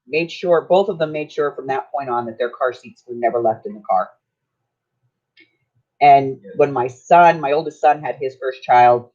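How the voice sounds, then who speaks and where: A woman's voice: low-pitched, darkish tone. An older woman hosting her own channel, telling stories in a chatty, folksy way and laughing often. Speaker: craft channel host. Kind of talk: casual storytelling chat. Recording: dull lo-fi sound.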